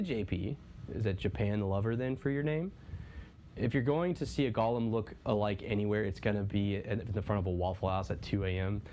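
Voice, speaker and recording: A young man, chatting casually with his viewers during a livestream while he paints, breaking into loud excited bursts now and then. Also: on the low side, fairly quick. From Texas. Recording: steady background noise.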